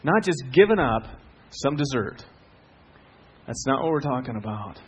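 A middle-aged man preaching a sermon as a pastor, telling stories with swings from hushed to loud. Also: medium pitch, big pitch swings, unhurried, slightly rough.

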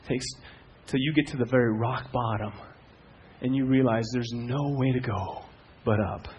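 A middle-aged man preaching a sermon as a pastor, telling stories with swings from hushed to loud. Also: medium pitch, normal speed, dull audio, slight background noise.

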